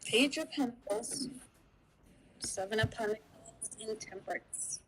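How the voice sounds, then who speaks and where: A woman giving a tarot reading, speaking slowly and hesitantly as she feels her way through the cards. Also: a little high, slight background noise, low-quality recording. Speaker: guest tarot reader.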